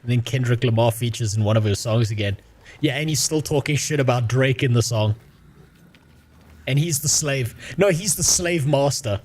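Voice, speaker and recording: A man's voice: mid-range voice, moderate pace, a little mellow. A young man streaming a game, talking in crude, sarcastic, laughing rants. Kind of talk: casual gaming stream chat.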